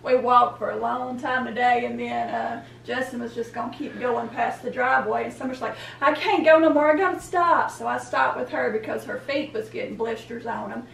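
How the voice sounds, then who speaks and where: High, gravelly woman. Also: little pitch movement, moderate pace, hardly any pauses, a bit bright, a little hiss or hum. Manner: chatty storyteller, laughs easily. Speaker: homestead vlogger. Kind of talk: casual family chat to camera. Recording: echoey room, mic at a distance.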